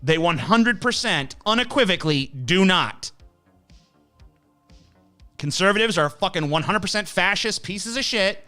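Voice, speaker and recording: A man's voice: high-pitched, expressive, unhurried, pauses often, sharp tone, soft background music. A male host giving blunt, profane, scornful ranting commentary while reacting to clips and viewer questions.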